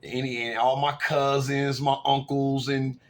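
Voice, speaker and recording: Animated storytelling man in his forties. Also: medium pitch, measured pace, soft background music. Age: 40s. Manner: animated, swings from loud to hushed. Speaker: vlogger. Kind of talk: casual storytelling to camera.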